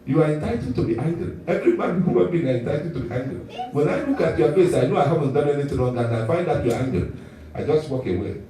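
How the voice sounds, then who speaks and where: Animated, chuckling male preacher in an echoey hall. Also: fairly high pitch, fast. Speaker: pastor. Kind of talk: sermon. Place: church hall. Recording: echoey church hall, mic at a distance.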